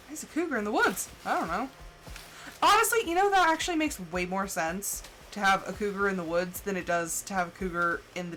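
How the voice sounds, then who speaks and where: A woman's voice: on the high side, a little hiss or hum. A woman game streamer chatting casually with her viewers, telling stories and laughing between bits of play. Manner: chatty, storytelling with laughs and animated quoted voices. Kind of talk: casual live-stream chat.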